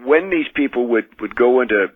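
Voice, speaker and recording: An American exorcist and minister, a guest on a radio call-in interview, recounts his experiences over a tinny telephone line. His medium-pitched, expressive voice is slightly husky and dry, with no room sound, and he tells his stories in a measured, earnest way, often restarting phrases.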